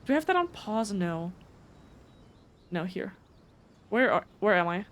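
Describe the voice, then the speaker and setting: A woman whose first language is German, chatting casually on a live stream, talking fast with frequent stutters and restarts. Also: mid-range voice, big pitch swings, a little hiss or hum.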